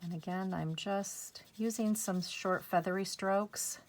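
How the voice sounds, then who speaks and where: A crafting channel host leads a coloring tutorial one step at a time, her medium-pitched voice steady in tone. She's soft, unhurried and gently encouraging throughout.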